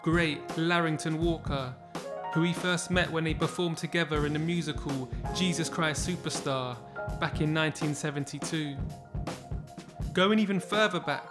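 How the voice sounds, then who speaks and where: Male podcast host, higher voice, scripted intro read over a clear music bed with drums. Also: fairly even intonation, normal speed.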